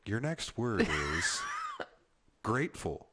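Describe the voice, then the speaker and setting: A man's voice: lowish voice, very animated, takes it slowly, bright, forceful tone. A man co-hosting a casual podcast, joking and giving spelling words. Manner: joking, laughing. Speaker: podcast co-host. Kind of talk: casual chat.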